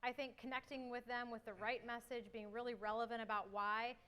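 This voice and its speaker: A young woman giving an energetic conference talk and answering questions, a little out of breath. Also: on the high side, a little fast, clear, resonant tone. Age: young adult. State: slightly out of breath. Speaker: marketing executive speaker.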